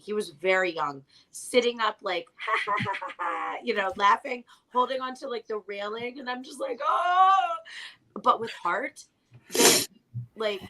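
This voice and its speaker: A woman co-hosting a parenting podcast, telling long, animated stories about her kids in casual chat. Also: mid-range voice, rough recording. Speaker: podcast co-host.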